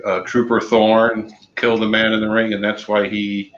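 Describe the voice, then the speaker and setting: A man co-hosting a casual chat show, slowly reading out trivia answers with many ums and the odd corny joke. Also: lowish voice, completely flat delivery. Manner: slow, halting, many ums and uhs; corny jokes. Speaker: podcast co-host running trivia. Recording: roomy, dull lo-fi sound.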